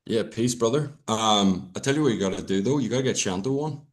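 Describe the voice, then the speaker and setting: A man's voice: fairly low pitch, brisk. A young Irish man chatting as a podcast guest, rambling and swearing freely with many restarts. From Ireland. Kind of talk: casual chat.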